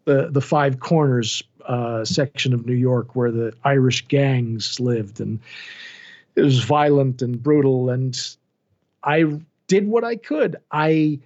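A middle-aged man, an audiobook narrator, chatting in an interview in an animated, self-deprecating way, often restarting his sentences. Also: medium pitch, slow. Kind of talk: casual interview chat. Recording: dull lo-fi sound.

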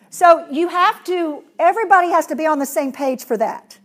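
A woman giving a workshop to teachers, animated and acting out children's voices as she explains. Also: very high voice, moderate pace, hardly any pauses. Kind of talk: classroom workshop talk.

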